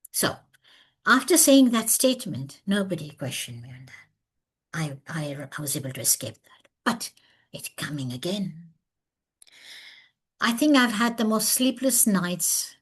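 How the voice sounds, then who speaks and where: A woman's voice: fairly low pitch, very animated, measured pace, long pauses, husky. A woman presenting a webinar lecture over a video call. She talks earnestly and with emphasis, and she tells her story with lots of animation. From from overseas, living in South Africa.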